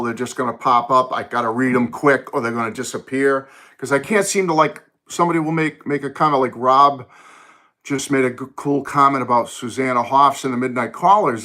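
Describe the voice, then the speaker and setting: Middle-aged male streamer, bright tone, loose and chatty, talking into a phone in a home music room. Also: medium pitch. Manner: chatty and rambling, greets viewers by name, thinks aloud. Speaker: live-stream host. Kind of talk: casual live chat with viewers.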